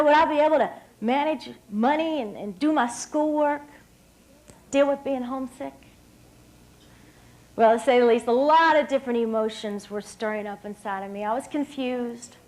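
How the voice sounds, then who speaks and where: Woman in her thirties from West Virginia, high and bright; upbeat, emphatic storyteller giving a podium speech. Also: poor audio. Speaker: hall of fame speaker. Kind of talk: public speech. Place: stage at an evening banquet.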